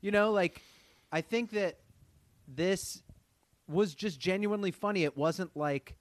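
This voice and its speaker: Excitable man with a higher voice. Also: measured pace, no echo. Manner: excitable, swears often, mock alarm bits. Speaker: podcast co-host. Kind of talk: casual chat.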